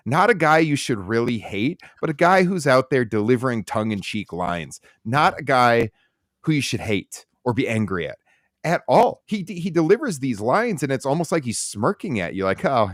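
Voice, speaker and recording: A man co-hosting a podcast, ranting bluntly and sarcastically about what he dislikes. His pitch swings widely as he talks. The sound is close and dry, with no room echo. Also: big pitch swings, moderate pace, a bit bright. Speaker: podcast co-host. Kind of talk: casual opinionated podcast chat.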